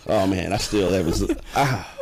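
A man casually telling stories, animated and often laughing. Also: deep voice, moderate pace, slight background noise. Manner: animated, laughing, drawling storyteller. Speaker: podcast guest. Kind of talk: casual storytelling.

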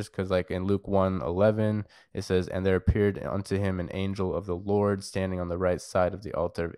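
A man with a very low voice thinks aloud during a casual Bible study, pausing often and trailing off. His tone is smooth and clear. The sound is dry and close. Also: a little mellow, no echo. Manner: thinking aloud, hesitant with fillers. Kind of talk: casual discussion.

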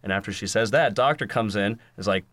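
A young man sits in as a guest on a casual podcast, his voice on the lower side. He tells his story loosely, swears freely and acts out the lines of the people in it. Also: a little fast, fairly bright tone, slight background noise. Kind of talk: casual chat.

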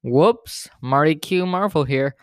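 A man's voice: a little high, animated, takes it slowly, clear, resonant tone, dry recording. A man reading aloud and voicing a bumbling, cheerful male stage magician with a hammy show-off delivery, in a dry, close recording. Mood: showy.

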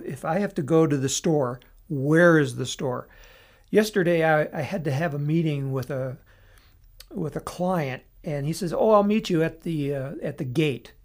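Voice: medium pitch, darkish tone. A podcast host talking through an analysis on their own in a casual, explanatory way, with frequent restarts and asides.

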